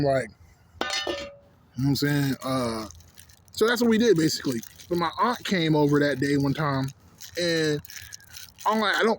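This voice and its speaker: A man's voice: on the high side, slight background noise. A young man in his twenties from Canada, ranting casually in a profane, rambling way, with lots of filler phrases. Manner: profane, rambling, full of "you know what I'm saying". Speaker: vlogger. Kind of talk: casual rant.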